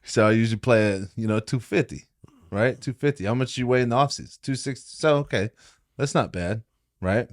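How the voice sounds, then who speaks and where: A man co-hosting a podcast, chatting casually about football, swearing freely, laughing often and getting loud when excited. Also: mid-range voice, fairly quick, no echo, clean studio sound. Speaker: podcast co-host. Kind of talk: casual sports chat.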